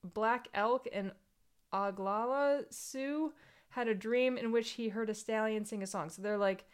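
A woman's voice: on the high side, measured pace, clear, resonant tone. A woman co-hosting a podcast, casually retelling a story with plenty of "like" and "um". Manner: rambling summary full of fillers like "like" and "um". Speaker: podcast co-host.

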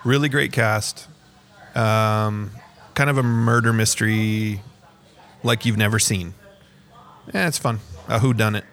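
A man's voice: on the low side, steady tone, measured pace, fairly bright tone. A man co-hosting a podcast in a diner, upbeat and brief in his comments. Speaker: podcast co-host. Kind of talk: casual chat.

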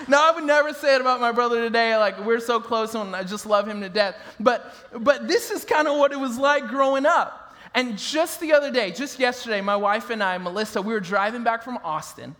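High-voiced laughing pastor in a hall. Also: male voice. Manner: animated storytelling, laughing with the crowd. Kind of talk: sermon.

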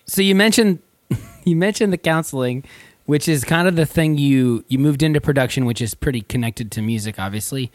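A man's voice: medium pitch, a little fast, no room sound. A man hosting a casual group talk, playful and laughing often. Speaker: podcast host.

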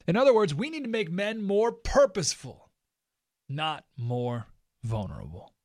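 A man with a slightly higher voice runs his own talk radio show, speaking into a studio mic in a dry, deadened booth. He lays out his opinions in an animated monologue. His tone is sarcastic and mocking. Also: unhurried, no room sound.

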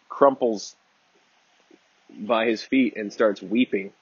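Low husky guy teaching the bible, rambly and earnest, dull dry recording. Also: dry recording. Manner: earnest, digressive, with frequent restarts. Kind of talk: conversational teaching talk.

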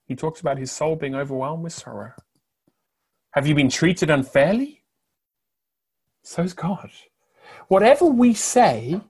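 A middle-aged man preaching a sermon with passion, building on rhetorical repetition and swinging between loud declarations and hushed phrases. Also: medium pitch, breathy edge.

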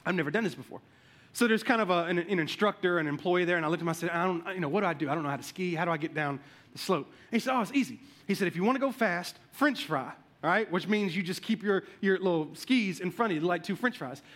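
A male pastor preaching a sermon, telling a comic personal story in an animated way, acting out voices and sound effects. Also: sits high, quick pace.

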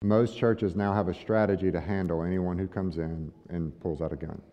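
Here the male pastor's voice is low and steady in tone, dark, at a normal speed. He addresses the congregation conversationally with rhetorical questions, and the recording sounds dull and lo-fi, with lengthy hall reverb.

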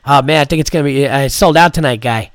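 A man's voice: medium pitch, quick pace, dry recording, studio quality, natural voice. A man imitating a blunt young doorman with a Boston accent who keeps saying "guy". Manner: loud, blunt, says "guy" constantly.

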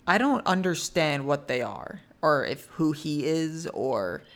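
A man co-hosting a casual podcast, laid-back and offhand with quick reactions. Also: a little high, expressive, a bit bright. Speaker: podcast co-host. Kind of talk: casual chat.

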